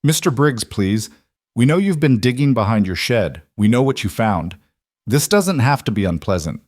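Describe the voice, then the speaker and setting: A man playing a smooth, menacing intruder. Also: medium pitch, sing-song, normal speed, darkish tone, no echo, studio quality, pitched above the performer's own voice. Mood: smooth menace. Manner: smooth and educated, turning hard.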